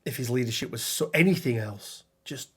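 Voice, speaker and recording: A man's voice: medium pitch, fairly quick, breathy edge. A man co-hosting a casual tabletop game discussion, chatty, with frequent ums and restarts as he reads out card rules. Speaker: podcast co-host.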